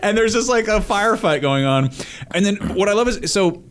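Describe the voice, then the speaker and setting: A man's voice: sits high, animated, brisk. A man co-hosting a podcast, talking in a laid-back, rambling, playful way. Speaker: podcast co-host. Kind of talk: casual podcast chat.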